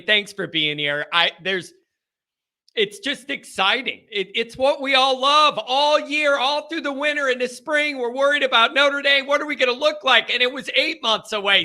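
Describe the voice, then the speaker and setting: A man's voice: sits high, pushed and bright. A man hosting a casual call-in sports talk stream, talkative and repeating himself. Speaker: call-in show host.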